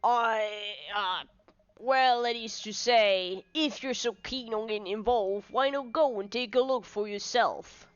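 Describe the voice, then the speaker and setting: A woman's voice: on the high side, measured pace, no room sound, muffled recording, close to an everyday voice. A woman voicing a stern, bossy male police inspector in a video game who barks orders.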